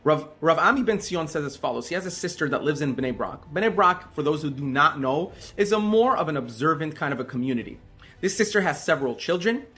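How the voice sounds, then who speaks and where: A man telling a religious story in an animated, emphatic way, with sudden swings in loudness. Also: fairly high pitch, brisk.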